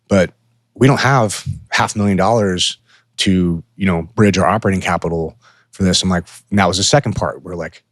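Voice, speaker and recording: A man's voice: low-pitched, brisk, no room sound, clean studio sound. A man in his thirties, co-hosting a podcast, telling a hard business story in a casual, profane way and acting out his own past words. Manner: profane, candid, animated when quoting himself. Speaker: podcast co-host.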